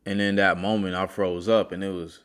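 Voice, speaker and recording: A man's voice: low voice, flat delivery, fairly quick, fairly bright tone, clean tone. A man hosting a self-help video, speaking earnestly and straight to the viewer as he tells a personal story in a motivational monologue.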